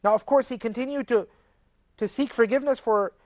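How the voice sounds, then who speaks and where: A man's voice: very high voice, a little fast, no echo. Guy teaching quran commentary, earnest and emphatic, dry close sound. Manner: earnest, emphatic, recites verses then explains. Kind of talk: religious lecture.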